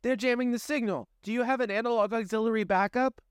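A man's voice: very high voice, fairly even intonation, fast talker, clean tone, no room sound, studio quality, pitched above the performer's own voice. A man voicing a determined young woman who is a new recruit, talking in an urgent, commanding way.

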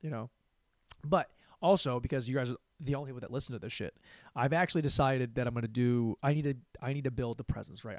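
A young male comic rambles through a solo podcast in a loose, profane, self-mocking way, chuckling at his own misfortunes. His voice sits at an ordinary middle pitch. The mic is close and completely dry, with no room sound. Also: a little mellow, no echo. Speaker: podcast host and stand-up comic. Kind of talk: casual solo podcast monologue.

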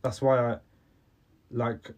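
An earnest man co-hosting a podcast, talking in halting bursts full of restarts. His pitch sits mid-range for a man, and a slight cough comes and goes. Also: flat delivery, dark tone. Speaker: podcast co-host. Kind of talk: casual chat.

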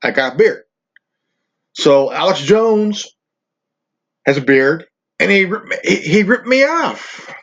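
High-pitched and sing-song with a fairly bright tone, a man speaks slowly with long pauses as he rants in a vlog on his own channel. He swears, rambles and stammers, and the recording is dull and lo-fi.

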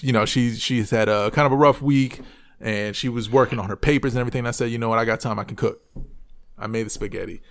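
A man with a gravelly voice riffs as a podcast co-host. His delivery is casual and animated, a comic rant full of exasperated questions. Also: mid-range voice.

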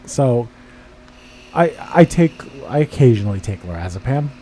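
Mellow-voiced man ranting casually. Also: medium pitch, sing-song, normal speed, slight background noise. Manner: profane, exasperated storytelling with quoted dialogue. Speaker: podcast host. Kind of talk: casual chat. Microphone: studio microphone.

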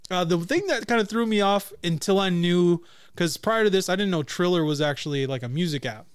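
A man co-hosting a casual podcast chat, laughing often and breaking into loud impressions of people. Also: high voice, a little fast, clean tone, no room sound, studio quality. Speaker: podcast co-host.

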